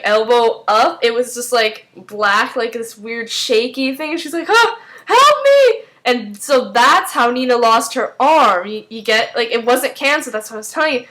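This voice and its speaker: A woman's voice: mid-range voice, a bit bright. A young woman casually recapping a TV episode, rambling with many fillers and briefly acting out the characters' lines. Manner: rambling, many "like"s, acts out lines in quick voices. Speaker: recap vlogger.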